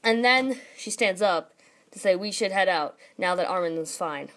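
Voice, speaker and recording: A woman's voice: mid-range voice, lively intonation, normal speed, fairly bright tone. A young woman casually recapping and ranting about a manga chapter, full of "like" and quoted lines. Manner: chatty, says "like" a lot, reads quotes aloud. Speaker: manga reviewer.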